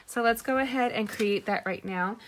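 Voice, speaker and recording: A woman's voice: fairly high pitch, normal speed, a little hiss or hum. Chatty middle-aged woman teaching card making. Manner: chatty, rambling, personal asides. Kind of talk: casual live craft tutorial.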